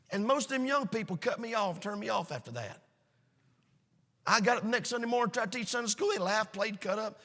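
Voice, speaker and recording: A man preaching a sermon, emphatic and storytelling, swinging between shouts and hushed asides. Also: high voice, big-room sound. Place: church sanctuary.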